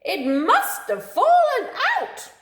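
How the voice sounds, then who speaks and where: A woman voicing a frantic female corella bird, a worried mother, shrieking in high panic in a storybook. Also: wildly swooping pitch, slow pace, a bit bright, heavily acted. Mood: panicked. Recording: echoey room.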